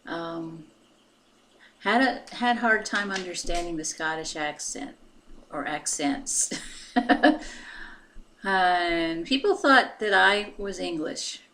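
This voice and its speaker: A woman in her fifties with an American accent, talking in a soft-spoken, halting way in a casual personal vlog, pausing often. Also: on the low side, lively intonation, slight background noise. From United States. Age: 50s. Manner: soft-spoken and halting, with many pauses and fillers. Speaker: vlogger.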